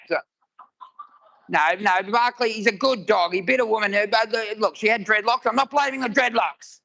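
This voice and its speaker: A man's voice: high-pitched, moderate pace, gravelly, bright, forceful tone, low-quality recording. A man, telling stories in a live stand-up routine and acting out both sides of the dialogue. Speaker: stand-up comedian. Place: live comedy venue with audience.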